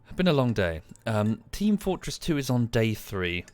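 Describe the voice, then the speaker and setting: A man's voice: lowish voice, sing-song, normal speed, darkish tone. A man, chatting casually on a live game stream, tired and dry, rambling with frequent ums.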